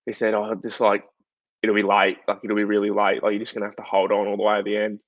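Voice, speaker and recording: A young Australian man tells a story in a loose, chatty way, throwing in lots of fillers as he goes. His voice sits a little low. The recording is dull and lo-fi in a dry, dead room. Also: fast talker, no room sound. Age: young adult. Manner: chatty, filler-heavy, animated retelling. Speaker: guest footballer. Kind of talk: casual interview storytelling. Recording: dull, dry lo-fi podcast audio.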